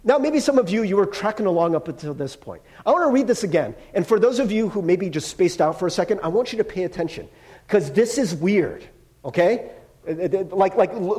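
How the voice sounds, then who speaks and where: Animated man preaching a casual sermon. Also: high-pitched. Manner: animated, casual slang, drops to hushed voice for quotes. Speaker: pastor.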